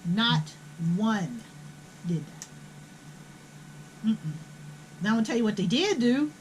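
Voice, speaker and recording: A woman's voice: on the high side, big pitch swings, slow pace, a little hiss or hum, poor audio. An older woman, telling a family story in a blunt, profane, indignant way. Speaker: host. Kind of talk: casual storytelling.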